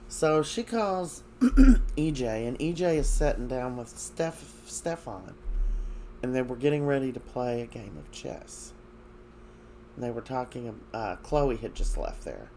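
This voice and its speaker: A man giving a casual recap of soap opera episodes, hesitant, with many fillers and frequent throat clearing. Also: mid-range voice, huge pitch swings, unhurried, a little mellow, a little hiss or hum.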